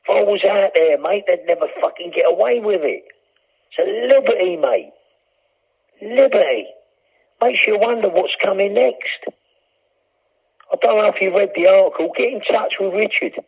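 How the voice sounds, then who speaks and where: Over a muffled prison phone line, an older male prisoner rants, aggrieved and profane, swearing heavily. His voice is high and husky with vocal fry, at a moderate pace.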